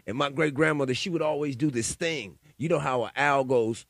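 A man's voice: mid-range voice, fairly quick, hardly any pauses, a bit bright, no echo, clean studio sound. A man hosting a solo podcast, telling stories and giving opinions in a rambling, profane, casual way. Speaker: podcast host.

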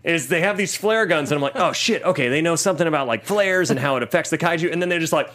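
A man's voice: on the high side, fast talker, a bit bright. A man casually recapping a movie with a friend, swearing and acting out characters' lines. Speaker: podcast co-host.

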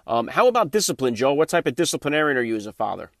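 A man's voice: medium pitch, very animated, very fast, gravelly, dry recording, studio quality. A man hosting a podcast interview who affirms his guest's answers in a friendly way and asks follow-up questions. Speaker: podcast host, a father.

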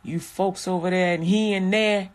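A woman's voice: fairly low pitch, steady tone, moderate pace, close to an everyday voice. Woman doing an angry scolding God. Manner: scolding, preachy. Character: angry scolding male God, stern and commanding.

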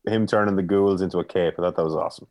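A man's voice: low-pitched, steady tone, rapid-fire, darkish tone. A man co-hosting a casual film chat, enthusiastic, often asking "you know what I mean" and laughing. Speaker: podcast co-host reviewing films.

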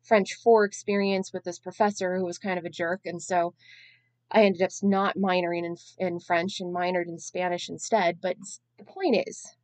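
A woman's voice: lowish voice, level tone, normal speed, no echo. Woman podcast host, thirties, chatty and long-winded, self-deprecating, close dry mic. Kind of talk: casual solo podcast storytelling.

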